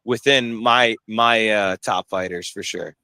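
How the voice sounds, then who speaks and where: A man's voice: lowish voice, unhurried, bright, forceful tone, clean tone, no echo. A young man, a fighter being interviewed, talking casually with many restarts and fillers. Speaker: bare-knuckle fighter, interview guest.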